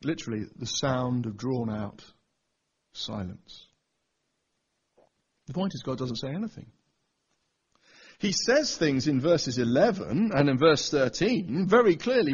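A man with a slightly high, husky voice teaches from the Bible in a sermon, pressing his listeners with rhetorical questions. The recording sounds dull and lo-fi. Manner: asks the audience rhetorical questions. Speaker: preacher.

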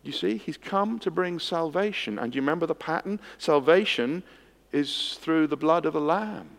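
A man preaching an expository sermon, swinging from hushed moments to emphatic ones. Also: a little high, expressive, moderate pace, creaky. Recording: long hall reverb.

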